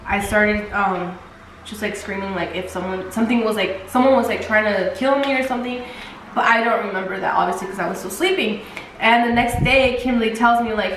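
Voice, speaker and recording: A woman's voice: mid-range voice, fairly quick, a bit bright, slight background noise. A young woman co-hosting a vlog, telling stories in a chatty way full of fillers and restarts. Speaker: vlog co-host. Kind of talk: casual storytelling chat. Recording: very echoey room, distant mic, faint music.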